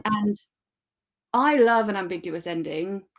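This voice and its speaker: This podcast co-host, a woman in her thirties, speaks at a measured pace with a medium-pitched voice. Her book chat is casual and full of enthusiasm, and she frequently stops to correct herself partway through a sentence.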